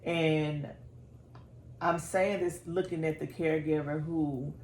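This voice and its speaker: A woman podcast host asking slow, measured, supportive questions in an interview. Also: low voice, fairly even intonation, a little mellow. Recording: echoey room with faint background noise.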